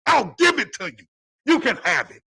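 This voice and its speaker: A man's voice: extremely high pitch, very animated, normal speed, sharp tone, a little hiss or hum. A man in a heated online debate, taunting and swearing at his opponent. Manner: profane, taunting.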